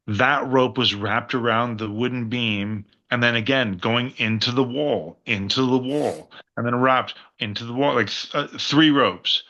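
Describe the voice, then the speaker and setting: A man on a podcast as a guest wrestler, telling rambling, profane stories in a casual, animated way. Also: mid-range voice, a little slow, hardly any pauses, lo-fi sound. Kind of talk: casual storytelling chat.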